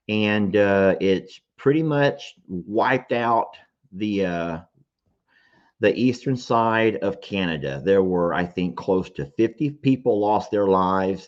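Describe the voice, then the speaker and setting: A man's voice: fairly low pitch, a little mellow, lo-fi sound. A man telling a story to his audience in casual chat, emotional and self-deprecating.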